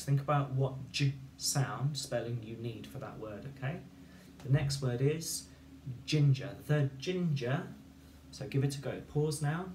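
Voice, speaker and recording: A man's voice: medium pitch, a little mellow, a little hiss or hum. A man teaching a phonics lesson, patiently dictating a sentence and spelling words out letter by letter. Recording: echoey room, voice from far off.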